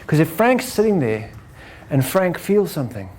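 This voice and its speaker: A man's voice: fairly high pitch, very animated, moderate pace, darkish tone, a little hiss or hum. A man presenting a spiritual talk to a live audience in a casual style, often checking in with "right?". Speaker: speaker presenting his book and method.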